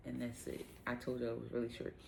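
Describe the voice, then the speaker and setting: A woman hosting a casual devotional Bible talk, speaking in a relaxed, rambling way with lots of "um" and "like". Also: rumbling low, fast talker, vocal fry, a little hiss or hum, rough recording. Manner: relaxed, rambling, heavy use of fillers like "um" and "like".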